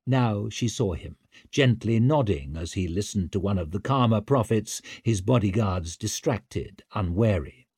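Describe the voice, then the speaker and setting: A man narrating an audiobook in a measured, tense way. His voice is husky and mid-pitched, with a dry, close sound and no room around it. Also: lively intonation, a little mellow, no echo.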